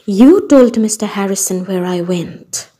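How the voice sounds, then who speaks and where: A woman voicing a resentful teenage boy who speaks gruffly and curtly. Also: mid-range voice, a little slow, dark tone, lightly acted. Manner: gruff, curt.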